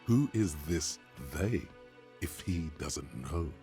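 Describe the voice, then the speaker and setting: A deep, gravelly game narrator. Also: male voice, animated, takes it slowly, warm tone, soft background music, exaggerated voice. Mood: measured. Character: grave older male narrator voice.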